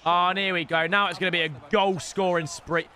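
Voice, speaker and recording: A young man giving excitable gaming commentary, animated, swearing and yelling at the game. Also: high voice, a little fast. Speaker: gaming YouTuber.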